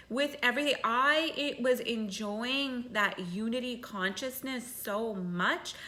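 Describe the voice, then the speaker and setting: Woman, spiritual vlogger, candid and profane, bright tone, unhurried pace. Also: a little high. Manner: candid, swears freely, storytelling. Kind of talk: casual spiritual monologue.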